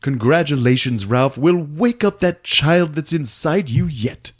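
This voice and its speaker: A man's voice: fairly high pitch, expressive, a little slow, breathy edge, voice pushed up. A man voicing a fussy, eccentric old male toymaker who speaks in a prim, airy way.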